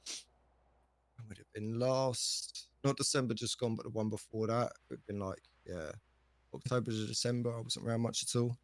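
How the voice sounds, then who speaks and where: A man's voice: medium pitch, steady tone, moderate pace, no echo, close to an everyday voice. A man playing a chatty, easygoing shop manager in a game role-play, rambling with lots of fillers. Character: laid-back male shop manager, chatty. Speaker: shop chief operating officer.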